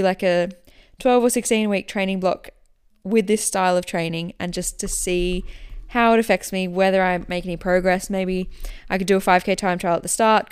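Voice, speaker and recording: A woman hosting a podcast, answering listener questions in a relaxed, chatty way that explains as she goes. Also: lowish voice, clear, resonant tone. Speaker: running coach and podcast host.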